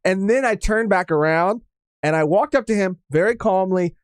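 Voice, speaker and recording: A man co-hosting a podcast, telling an anecdote in a calm, measured way. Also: high voice, clear, resonant tone, dry recording, clean studio sound. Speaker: podcast co-host. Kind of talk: casual storytelling.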